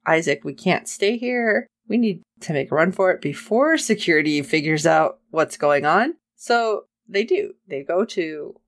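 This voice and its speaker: A woman's voice: lowish voice, lively intonation, unhurried, few pauses. A woman co-hosting a podcast, animatedly recapping a TV episode and acting out the characters' lines with jokey asides. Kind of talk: casual chat.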